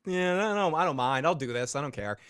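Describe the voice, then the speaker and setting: Brief: slangy valley-girl shieldmaiden, done by a male podcaster, higher voice, dry. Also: expressive, brisk, fairly bright tone, clear, resonant tone, no room sound. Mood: sassy. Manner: casual slangy drawl. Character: female shieldmaiden leader as a bored valley girl.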